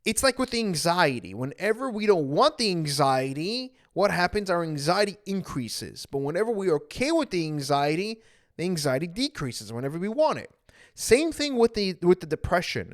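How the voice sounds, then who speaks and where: A man's voice: on the high side, no echo, studio quality. A young man, an anxiety coach, earnestly telling his own story to viewers and repeating phrases for emphasis.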